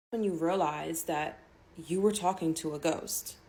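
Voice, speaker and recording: A woman's voice: sits low, a little slow, darkish tone, a little hiss or hum. A woman narrating a spooky story in the second person, in a casual, conversational way with filler words.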